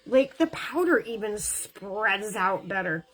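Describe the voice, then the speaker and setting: A woman in her fifties chatting through a makeup tutorial at home, gushing over products with quick asides, on the camera mic. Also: medium pitch, expressive, breathy edge. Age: 50s. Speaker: makeup vlogger. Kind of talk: casual makeup tutorial chat. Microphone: camera mic, lapel not worn.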